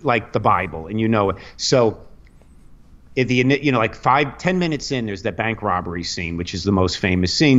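On a podcast, a middle-aged comedian guest tells a long, rambling story, animated and constantly restarting. His voice is fairly low and his pace moderate. The audio is dull, lo-fi podcast sound.

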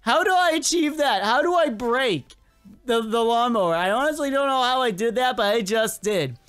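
A gaming video creator giving casual, excitable play-by-play commentary, chatting to game characters and laughing often with lots of ups and downs in pitch. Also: moderate pace, smooth, faint music behind.

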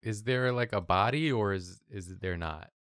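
A woman hosting a drawing show, chatting in a jokey, animated way with bursts of laughter. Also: rumbling low, moderate pace, dry recording. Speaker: show host. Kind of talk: casual chat while drawing.

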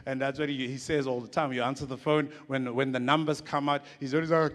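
A man's voice: medium pitch, little pitch movement, brisk. A man giving a stage talk, telling loose stories with laughter and frequent stumbling restarts. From South Africa. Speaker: guest speaker. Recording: echoey hall.

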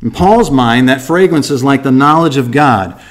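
A man of medium pitch and moderate pace leads a verse-by-verse Bible lesson for his church. He talks in an animated, easygoing way, putting rhetorical questions to the room and acting out little moments.

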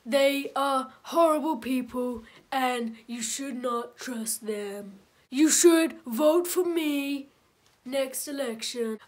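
A performer doing a comedic impression of an angry, boastful older male politician who rants repetitively. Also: high voice.

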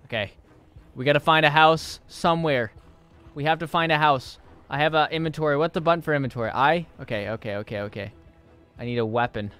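A man's voice: a little high, a little fast, clear, resonant tone, soft background music. A young man streaming a game for the first time, talking to himself and chat, swearing and yelping in panic. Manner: panicky, swearing, yelps and shouts when startled. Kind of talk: live gameplay commentary.

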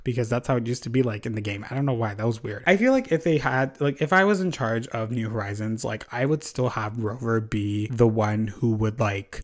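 A man talks through a casual video commentary in a rambling, offhand way, full of fillers and self-deprecating asides. His voice sits at an ordinary middle pitch. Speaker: video host. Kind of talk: casual commentary ranking game characters.

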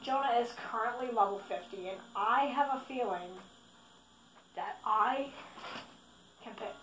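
Woman gaming creator, high voice, unhurried chatty commentary, roomy bedroom sound. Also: a bit bright. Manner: chatty, rambling, self-correcting. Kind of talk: casual gameplay commentary. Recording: echoey room with faint noise.

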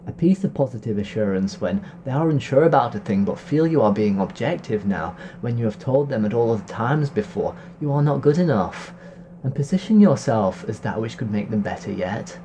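A man reading a dark fantasy story in a brooding, declamatory way. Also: medium pitch, a little hiss or hum. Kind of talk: dramatic fantasy narration.

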